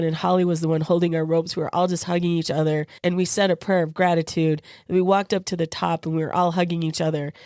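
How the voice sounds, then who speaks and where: A woman with a fairly low speaking voice recounts a personal story on a podcast she co-hosts. She tells it in a lively, casual way and slips into the voices of the people she quotes. The sound is dry and close, with no room around it. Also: no echo. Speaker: podcast co-host.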